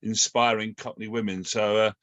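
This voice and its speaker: A man's voice: lowish voice, flat delivery, moderate pace, fairly bright tone, no echo, lo-fi sound. A man hosting an online event over a video call, adding brief polite remarks. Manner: brief backchannels, polite interjections. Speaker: host. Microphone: computer mic on video call.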